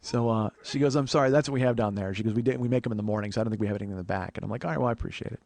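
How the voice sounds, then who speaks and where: This low-leaning male voice races along very fast with vocal fry and no echo. He's telling an extended funny story for a podcast, swearing liberally, playing both people in the exchange, and cracking up now and then.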